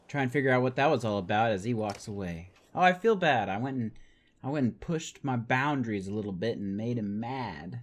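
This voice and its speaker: A man's voice: mid-range voice, animated, normal speed. Jokey man reading game dialogue. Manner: jokey, reads dialogue with playful asides. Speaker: gaming video host. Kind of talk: let's play commentary, reading game text aloud.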